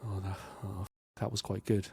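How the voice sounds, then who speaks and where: A man's voice: lowish voice, level tone, moderate pace, vocal fry, mellow, husky, dry recording. A man co-hosting a podcast, chatty and rambling in casual chat. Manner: chatty, rambling, self-interrupting. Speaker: podcast co-host.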